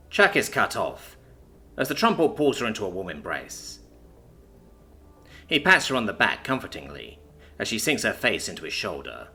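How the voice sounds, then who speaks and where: Male storyteller with a bright, lively voice. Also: moderate pace. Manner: low, steady narration between voices. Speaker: narrator. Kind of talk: audiobook narration.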